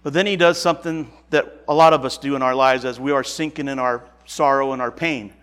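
A man's voice: medium pitch, steady tone, brisk, fairly bright tone, clean tone. A man from Nebraska giving an informal sermon, retelling a Bible story in a casual, folksy way with frequent restarts. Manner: casual and folksy, chuckles and self-corrects often. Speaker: preacher.

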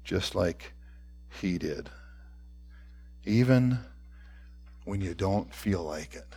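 Man, sermon, lowish voice, unhurried, deliberate scripture reading. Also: animated, creaky, husky. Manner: slow, deliberate delivery with soft trailing phrase endings; reads scripture aloud. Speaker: preacher.

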